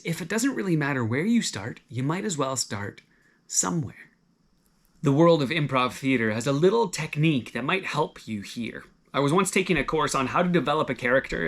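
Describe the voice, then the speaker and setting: Man giving a gentle, chatty sermon. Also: a little high. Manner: conversational, gentle encouragement. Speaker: pastor.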